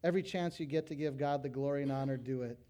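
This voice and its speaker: A middle-aged male pastor preaching to fellow pastors, animated, breaking into loud acted quotes. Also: mid-range voice, quick pace. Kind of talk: sermon to pastors.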